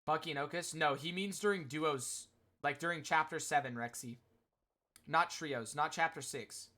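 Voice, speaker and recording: A man's voice: on the high side, normal speed, bright, forceful tone. A man streaming casually and talking to his chat, rambling with lots of "like" fillers. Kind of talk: casual livestream chat commentary.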